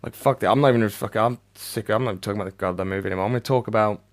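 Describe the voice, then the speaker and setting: A man giving a ranting, sardonic movie review, swearing a lot and swinging between flat mutters and loud outbursts. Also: on the low side, racing.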